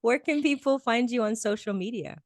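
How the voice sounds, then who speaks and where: A woman's voice: on the high side, moderate pace, no room sound. A woman hosting a podcast interview, effusive and full of restarts and repeated praise. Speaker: podcast host interviewing a guest. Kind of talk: casual interview chat.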